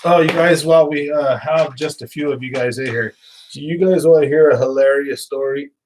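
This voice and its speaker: A young man hosts a live stream for his fishing channel, chatting and rambling casually with viewers and laughing often. His voice is fairly high, a little fast and darkish in tone, slightly congested from sinus trouble, with a faint hiss or hum in the audio.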